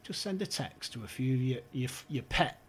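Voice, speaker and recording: As a podcast guest, a man tells a funny football anecdote, acting out the quotes and laughing often as an animated storyteller. His medium-pitched voice runs at normal speed, with a little hiss or hum in the audio.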